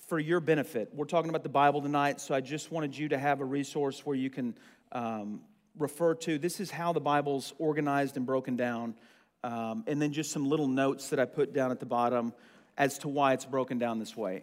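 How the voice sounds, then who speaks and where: A young man leading a church discussion group, chatty and friendly with lots of ums. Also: mid-range voice. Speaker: church roundtable leader. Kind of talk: casual teaching to a group. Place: meeting room with a group. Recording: long room reverb.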